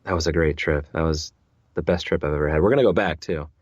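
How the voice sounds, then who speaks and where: A man's voice: very deep voice, quick pace, no echo, dull audio. A man who narrates audiobooks, chatting as an interview guest, rambling with many restarts and repeated words. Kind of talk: casual interview chat.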